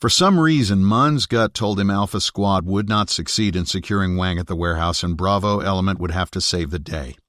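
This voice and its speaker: A man narrating an audiobook thriller in a steady, measured reading on a close studio mic. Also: deep voice, no echo. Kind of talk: scripted narration.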